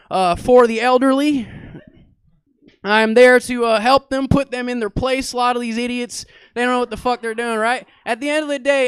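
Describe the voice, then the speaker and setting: High, smooth man rambling on stage. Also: fairly bright tone, dry recording. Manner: rambling, mock-authoritative, keeps checking in with the crowd. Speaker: stand-up comedian. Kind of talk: character stand-up monologue. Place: comedy theater stage.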